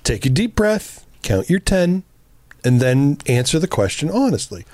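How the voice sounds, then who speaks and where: A co-host on a relationship podcast speaks on the high side and a little slowly, with no echo. He offers casual advice bluntly and profanely, acting out quotes of himself with animation.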